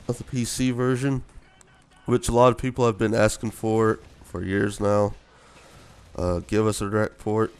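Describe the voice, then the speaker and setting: A young man who has just woken up gives sleepy, casual, rambling commentary over gameplay for a gaming video, using many fillers. His voice is on the low side, clear, and resonant.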